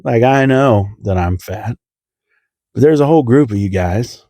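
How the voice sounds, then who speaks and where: Self-mocking storytelling man, mellow dry voice. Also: expressive, normal speed, no echo. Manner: self-deprecating, acts out voices with big pitch jumps. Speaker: comedian telling a story. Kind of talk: comedic storytelling.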